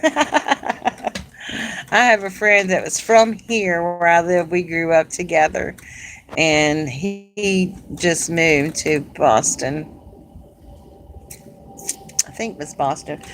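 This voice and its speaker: A middle-aged woman from South Carolina with a Southern accent, chatting casually and warmly with viewers on a live craft stream, laughing often. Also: on the low side, expressive, takes it slowly, long pauses, slight background noise, low-quality recording. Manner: chatty and homey, laughs often, says "y'all". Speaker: craft channel host.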